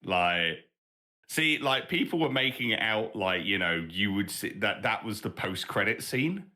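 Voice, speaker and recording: A man's voice: fairly low pitch, animated, a little slow, bright, forceful tone. A British man in his thirties co-hosting a podcast, chatting casually, swearing freely and laughing often. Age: 30s. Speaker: podcast co-host. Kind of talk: casual chat.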